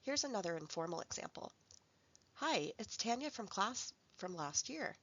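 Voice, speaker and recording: Woman narrating a lively language workshop. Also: medium pitch, moderate pace, dull audio. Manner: clear, careful teaching voice reading example phrases. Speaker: language support instructor.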